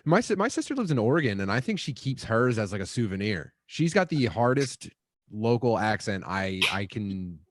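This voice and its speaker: A man's voice: on the low side, sing-song, normal speed, background noise. A man from Kensington, Philadelphia, chatting casually on a podcast with dry wit and casual swearing. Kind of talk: casual chat.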